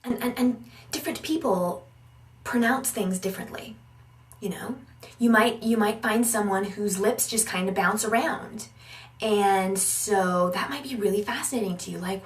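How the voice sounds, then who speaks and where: Woman accent coach, casual and animated, mic set back in a roomy space. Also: mid-range voice, moderate pace, distant mic. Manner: animated, breaks into sung syllables and mock accents to demonstrate. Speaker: accent and dialect teacher. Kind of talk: casual spoken lesson.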